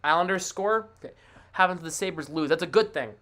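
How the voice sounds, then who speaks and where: A man hosting a casual live sports stream, thinking aloud in a chatty, excitable way. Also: a little high, a little fast. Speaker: livestream host.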